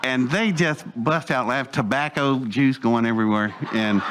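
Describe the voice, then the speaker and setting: A man's voice: medium pitch, moderate pace, background noise. Rambling older man spinning a yarn. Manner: rambling, digressive, chuckling asides. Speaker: speaker telling a life story. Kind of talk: anecdotal storytelling to a live audience.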